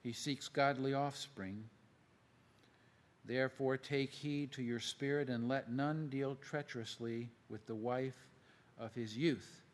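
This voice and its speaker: A man teaching from scripture and reading long passages aloud in a measured way, letting his voice fall away at the ends of phrases. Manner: measured, drops pitch and volume at phrase ends. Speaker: preacher. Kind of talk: slow Bible reading and teaching.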